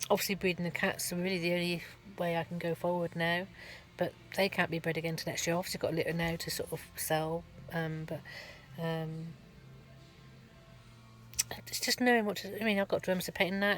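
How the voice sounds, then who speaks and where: A middle-aged woman, a van life vlogger, gives a rambling, chatty update from her van at a garage, full of ums and restarts. Her voice is lowish with a fairly bright tone.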